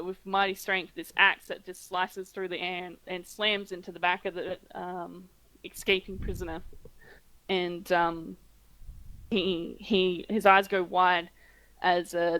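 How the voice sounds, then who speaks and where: A woman running a tabletop game, narrating the scene in a halting way with many pauses and restarts. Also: on the low side, a bit bright, dry recording, poor audio. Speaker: game master.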